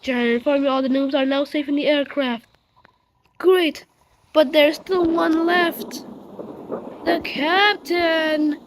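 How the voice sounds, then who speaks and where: High-voiced woman narrating a game role-play. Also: measured pace, noisy background. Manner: animated, voices several characters in turn. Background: clear background music.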